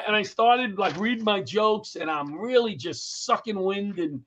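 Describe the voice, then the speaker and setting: A man's voice: high-pitched, normal speed, hardly any pauses. A middle-aged man, a comedian and firefighter who tells anecdotes in an interview and acts out the people in them. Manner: animated, acts out the voices in his anecdotes. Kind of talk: storytelling in an interview. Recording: dull lo-fi recording.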